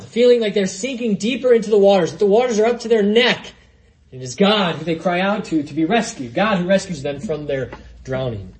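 A man preaching an expository sermon, conversational, with frequent asides to the congregation. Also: sits high.

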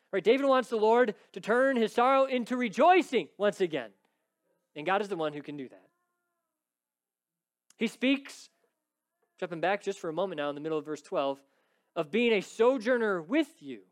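High-voiced man preaching with rising intensity. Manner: emphatic, rising to pleading intensity when quoting scripture; frequent "right?" checks with the congregation. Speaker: pastor. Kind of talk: expository sermon.

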